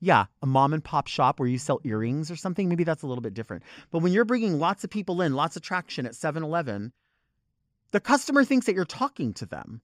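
A podcast host rants with big swings in his voice and a fairly high pitch. The sound is dry and close, with no room around it. He curses freely and acts out the people who annoy him. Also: fast, dry recording. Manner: animated, profane ranting with mimicked exchanges. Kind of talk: comedic rant.

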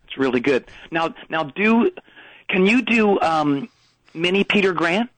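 A man's voice: high-pitched, measured pace, no room sound, full character voice, poor audio. A man playing a rambling oddball coach. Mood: bumbling. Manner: deadpan, rambling, many restarts. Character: rambling middle-aged male sports coach. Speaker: caller. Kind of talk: comedic call-in bit.

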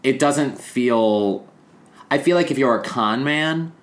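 A man's voice: medium pitch, takes it slowly. A man co-hosting a podcast in casual chat, joking and swearing freely. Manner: animated, jokey, swears freely. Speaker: podcast co-host.

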